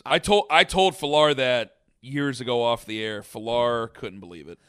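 A man casually telling a long story on a podcast, rambling and animated, with many restarts. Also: mid-range voice, moderate pace, clean tone. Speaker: podcast host.

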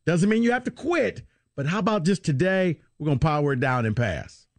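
A man hosting sports talk radio, explaining a game in a relaxed way. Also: on the high side, fairly quick, dry recording.

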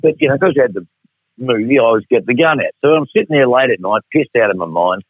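On a tinny phone line with no room sound, a middle-aged Australian radio guest talks at a quick clip in a husky, medium-pitched, expressive voice. His casual on-air story rambles, swears, and stays wry.

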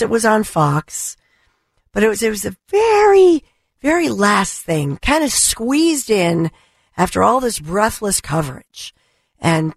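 A middle-aged woman hosting a talk radio show, her voice hoarse from allergies, delivering an impassioned, indignant monologue. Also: mid-range voice, no echo, studio quality. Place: radio studio. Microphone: studio microphone.

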